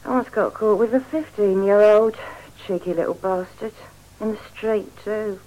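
An actress playing a brisk, world-weary prostitute, talking in a brassy, businesslike way. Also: female voice, mid-range voice, warm tone, lightly acted, rough recording. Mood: chatty. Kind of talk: radio drama acting.

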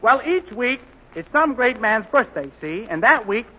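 A man's voice: extremely high pitch, big pitch swings, a little slow, bright, forceful tone, a little hiss or hum, full character voice. A man playing a naive, eager young scout in a 1930s radio comedy, earnest and guileless, on an old muffled broadcast.

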